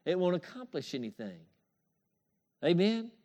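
A man delivers a sermon in a high, ringing voice. He preaches emphatically, repeats key phrases and draws amens from his listeners, now and then chuckling between points. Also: sing-song, a little slow, a little mellow. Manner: emphatic, repetitive call-and-response preaching with chuckles. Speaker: pastor.

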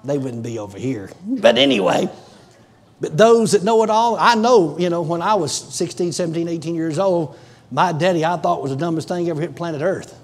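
A middle-aged man preaching with a drawl, his voice sitting notably high for a man. He talks in a homespun, emphatic way, weaving stories into his exhortations. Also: expressive, normal speed. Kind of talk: folksy revival preaching.

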